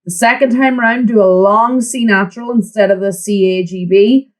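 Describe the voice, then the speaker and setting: A woman teaching a flute lesson, giving tips and counting the student in with steady encouragement. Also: mid-range voice, normal speed, low-quality recording. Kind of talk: online music lesson.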